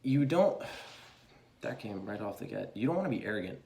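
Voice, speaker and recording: A young man talks through a tarot reading in a relaxed, rambling way, cursing freely and circling back on his words. His voice sits at an ordinary middle pitch. The sound carries a noticeable room echo. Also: fairly quick. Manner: loose and chatty, swears freely, many fillers. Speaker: tarot reader. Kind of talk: casual spoken tarot reading.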